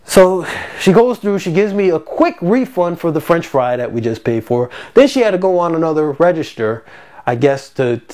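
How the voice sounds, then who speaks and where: Animated storyteller with a lively voice. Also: normal speed. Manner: animated, acts out quotes with big pitch jumps; exasperated, recounting a grievance. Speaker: parent telling a personal story. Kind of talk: casual storytelling to camera.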